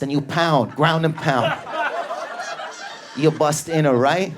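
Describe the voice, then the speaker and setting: Brief: male stand-up comic, manic and profane, neurotic crowd work, live club audience laughing. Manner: high energy, profane, neurotic, rapid riffs. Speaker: stand-up comedian. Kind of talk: stand-up comedy, riffing on an audience member. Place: comedy club stage.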